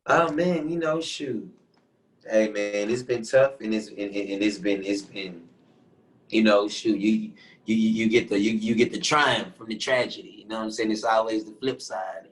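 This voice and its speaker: Laid-back low-voiced man from Houston. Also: moderate pace, low-quality recording. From Houston, Texas. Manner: laid-back, rambling, lots of "you know, man". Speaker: guest musician. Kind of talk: casual interview chat. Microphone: video call.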